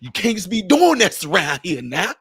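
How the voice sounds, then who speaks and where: A man voicing an old man who scolds and hushes a younger man, in a drawling voice. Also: high voice, wildly swooping pitch, moderate pace, slightly rough, exaggerated voice. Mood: scolding.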